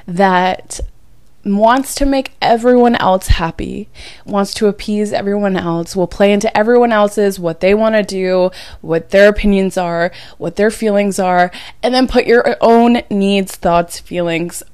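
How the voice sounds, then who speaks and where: Young adult woman podcast host, casual and emphatic, mid-pitch, dry close-mic sound, a little worn down. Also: unhurried, darkish tone, clean tone, no echo. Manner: chatty, emphatic, confiding. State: low and drained after crying. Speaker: podcast host and dating coach. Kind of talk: casual chat.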